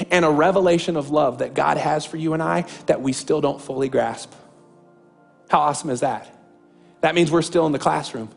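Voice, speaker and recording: Male pastor, fervent sermon, slightly high voice, faint music underneath. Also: darkish tone. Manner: impassioned, preaching, repeats phrases for emphasis.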